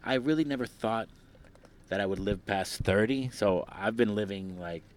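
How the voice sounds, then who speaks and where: A man's voice: lowish voice, normal speed. A man chatting casually as a podcast guest, joking and slipping into playful voices. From Miami area. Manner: animated, jokey, slips into playful Spanish voices. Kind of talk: casual chat.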